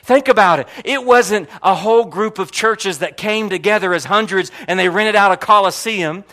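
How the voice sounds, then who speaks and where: A male pastor preaching to his congregation with a notably high voice. He tells a story with plenty of restarts and fillers. His voice dips into low murmurs and then climbs into loud, excited bursts. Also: moderate pace. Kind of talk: sermon. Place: church hall.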